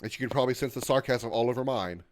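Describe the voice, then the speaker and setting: A man's voice: medium pitch, rapid-fire. Man in his thirties chatting on a game stream. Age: 30s. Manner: sarcastic, swears, reads chat aloud; yelps loudly when in danger in the game. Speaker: gaming livestreamer. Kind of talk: casual gaming stream chat.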